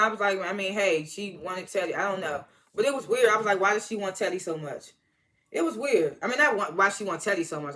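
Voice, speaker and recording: A TV episode reviewer giving a casual, animated recap, often correcting themselves and breaking into excited exclamations. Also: medium pitch. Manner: animated, rambling, self-correcting.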